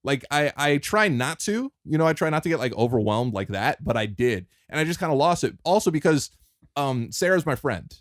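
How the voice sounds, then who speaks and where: A man's voice: a little high, big pitch swings, brisk, dry recording, clean studio sound. A man co-hosting a podcast, talking in a rambling, jokey, self-deprecating way. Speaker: podcast co-host. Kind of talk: casual chat.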